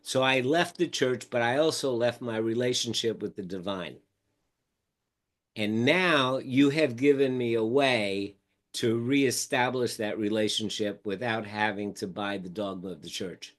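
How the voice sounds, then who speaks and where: An older man talks as a podcast guest, spinning anecdotes in a relaxed way. He slips into other people's voices as he retells their words, keeping the flow conversational. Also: medium pitch, a little slow. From United States. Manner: animated storyteller acting out quoted dialogue. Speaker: podcast guest, mindfulness teacher. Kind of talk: casual storytelling interview.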